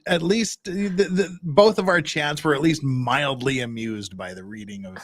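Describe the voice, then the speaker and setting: A man's voice: mid-range voice, normal speed, a bit bright. A man hosting a casual livestream, chatty and full of restarts. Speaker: livestream host.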